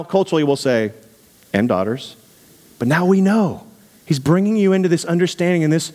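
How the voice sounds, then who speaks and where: A man preaching to a congregation, animated and conversational, dropping low for asides. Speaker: pastor. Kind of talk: sermon.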